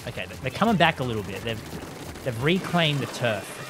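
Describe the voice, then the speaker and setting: A live game streamer giving excitable commentary while playing, laughing and taunting opponents and chatting with viewers. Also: medium pitch, normal speed, noisy background. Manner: chats with viewers and thanks them. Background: game music.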